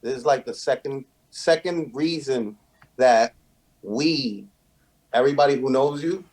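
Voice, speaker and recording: A man co-hosting a casual interview, earnest and rambling with animated asides. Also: mid-range voice, measured pace. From New York.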